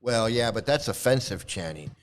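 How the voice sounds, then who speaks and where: A man's voice: lowish voice, animated, normal speed. A middle-aged man hosting a casual commentary, rambling and repeating himself, blunt and swearing. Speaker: channel host and cult critic. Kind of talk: casual commentary on a screen post.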